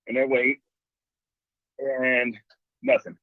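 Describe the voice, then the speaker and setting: A man's voice: medium pitch, slow, vocal fry, dry recording. Man telling a ghost story by phone. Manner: animated storytelling, acts out quoted voices. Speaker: caller. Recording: dull phone line.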